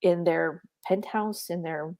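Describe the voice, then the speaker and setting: A middle-aged woman co-hosting a casual podcast chat, lively, often acting out quotes in playful voices. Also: fairly low pitch, slow pace. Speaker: podcast co-host.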